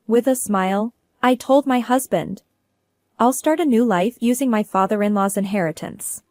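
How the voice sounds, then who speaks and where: Woman telling a story first person, calm and businesslike, dry sound. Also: fairly high pitch, moderate pace, dry recording. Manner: cool and businesslike. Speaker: narrator.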